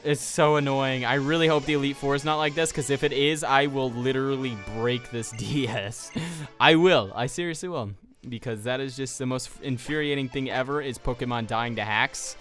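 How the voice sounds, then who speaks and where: A man's voice: medium pitch, normal speed, a bit bright, soft background music. A young man giving casual let's play commentary, exasperated and ranting at the game, with a sniffly nose.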